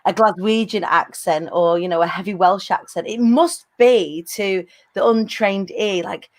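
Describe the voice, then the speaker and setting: A woman's voice: mid-range voice, a little slow. A woman with a strong northern English accent hosting a casual interview, chatty and thinking aloud with many restarts. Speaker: podcast host.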